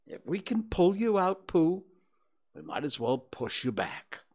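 A man's voice: fairly high pitch, wildly swooping pitch, measured pace, a little mellow, husky, pitched above the performer's own voice, full character voice. A man voicing a fussy, bossy rabbit in a storybook reading, talking sternly. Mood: cheerful.

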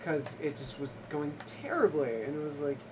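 A male host in casual chat, animated and quick to laugh. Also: a little high. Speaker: podcast host. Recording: distant mic with faint noise.

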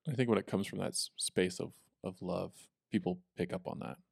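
Very low, gravelly man; halting, earnest co-host, dry close mic. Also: steady tone, no room sound. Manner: halting, earnest, repeats words. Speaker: podcast co-host. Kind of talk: casual chat.

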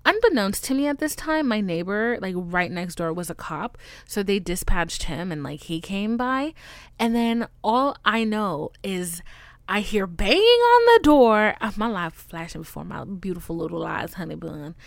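A woman in her twenties from the Caribbean, hosting a podcast and telling stories in a casual, animated way, dipping into whispers and high squeals. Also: moderate pace, creaky, dry recording. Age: 20s. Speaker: podcast host. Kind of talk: casual storytelling monologue.

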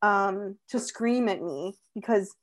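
Young woman, chatty storyteller, lots of "like", mid-pitched voice, just talking casually. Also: takes it slowly. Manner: chatty, animated storytelling with many "like"s. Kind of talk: casual chat.

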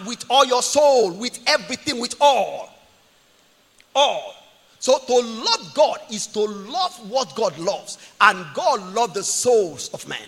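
A man preaching a sermon as a pastor, impassioned, swinging between shouts and quiet asides. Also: extremely high pitch, big-room sound. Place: church.

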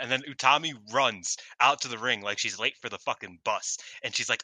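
A man's voice: mid-range voice, fast talker, hardly any pauses, dry recording. A man co-hosting a casual podcast chat, telling stories animatedly and acting out what people said, laughing often. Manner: animated storyteller, acts out quotes, laughs often. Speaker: podcast co-host. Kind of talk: casual chat reviewing wrestling shows.

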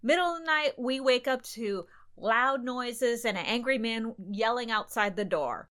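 A young adult woman co-hosting a travel podcast, telling stories in a lively way and acting out bits of dialogue. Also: a little high, unhurried. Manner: animated, recounts events with quoted dialogue. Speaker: podcast co-host. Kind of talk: casual travel storytelling.

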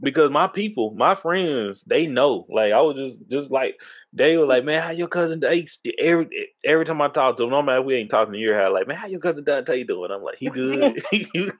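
A man spins a wild story in relaxed chat. His voice swings widely in pitch, and he often breaks into laughter and emphatic outbursts. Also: fairly quick. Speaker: storyteller recounting a party. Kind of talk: casual chat.

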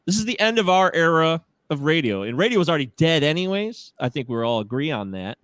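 A middle-aged man co-hosting a casual podcast, animated and jokey. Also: on the high side, fast, clear, resonant tone, no room sound, clean studio sound. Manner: animated, jokey, laughs often. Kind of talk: casual chat.

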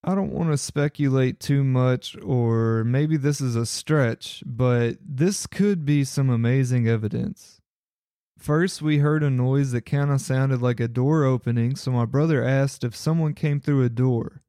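A man talks through his paranormal recordings in an earnest, wondering way. His voice sits dark and mellow, recorded close and dry. He sounds like he is musing out loud about what he heard. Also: mid-range voice, dry recording. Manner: earnest, speculative, reflective. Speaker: paranormal investigator. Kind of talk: casual narration over audio clips.

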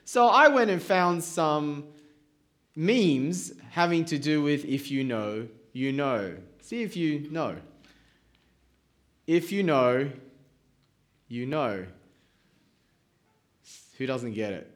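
A man preaching a sermon to his congregation in a relaxed, conversational way, joking and putting questions to the room. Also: a little high, slow pace, long pauses. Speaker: pastor.

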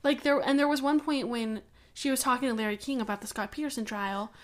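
A woman's voice: fairly high pitch, quick pace. A young woman co-hosting a true-crime podcast, talking casually and with strong opinions, laughing often and swearing. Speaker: podcast co-host.

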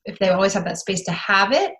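A woman in her thirties in casual conversation, telling family stories candidly and with lively energy. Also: medium pitch, quick pace, slight background noise, poor audio. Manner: candid, animated storytelling with laughs. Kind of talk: casual chat.

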